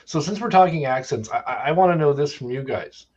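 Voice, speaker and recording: A man's voice: fairly high pitch, animated, a little fast, darkish tone, slightly rough, dull audio. An American man co-hosting a casual chat, thoughtful, putting questions to the others. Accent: American English. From United States. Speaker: podcast co-host.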